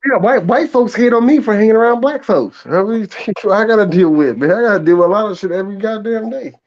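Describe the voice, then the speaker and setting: A Southern American man brags and swears in a relaxed chat on a streamed panel. His voice sits fairly high for a man and comes through a muffled, lo-fi line. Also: fast talker. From Southern United States. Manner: loud, boastful, profane, laughs a lot. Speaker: panel caller. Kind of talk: casual live stream chat.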